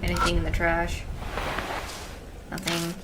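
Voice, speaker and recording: Her lowish voice completely flat and unhurried, a woman streams a game amid very noisy game music. Chatty and thinking aloud, she reads the game's text and murmurs quietly during exploration.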